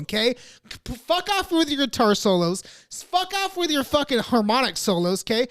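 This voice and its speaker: A man's voice: very high-pitched, very animated, normal speed, a bit bright. Profane ranting podcast host man. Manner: profane, mock-aggressive ranting. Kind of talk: crude comedic rant.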